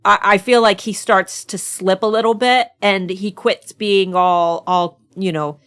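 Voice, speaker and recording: A woman's voice: mid-range voice, fairly even intonation, unhurried, fairly bright tone, clear, resonant tone. An American woman co-hosting a podcast in casual chat, giggly, enthusiastic and teasing. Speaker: podcast co-host.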